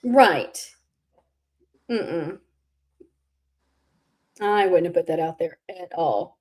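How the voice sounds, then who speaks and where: A woman's voice: fairly low pitch, expressive, very slow, darkish tone. A woman hosting a casual livestream chat, speaking candidly and sometimes with rising emphasis, a little stuffy from allergies. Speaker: host.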